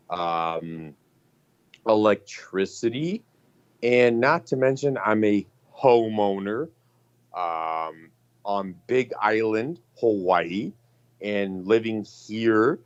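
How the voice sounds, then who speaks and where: A man in casual chat, telling stories in a profane, animated way. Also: fairly low pitch, highs cut off.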